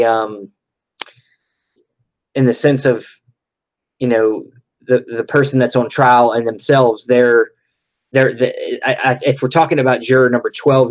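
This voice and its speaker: A man's voice: medium pitch, highs cut off. A man talking casually about a film, rambling with lots of restarts and fillers. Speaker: podcast co-host.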